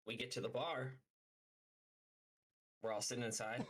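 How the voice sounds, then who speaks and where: A man's voice: medium pitch, fairly even intonation, measured pace, fairly bright tone, slightly rough, poor audio. Profane young man telling a rambling story. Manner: profane, rambling, heavy use of "like". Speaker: streamer. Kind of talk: casual storytelling.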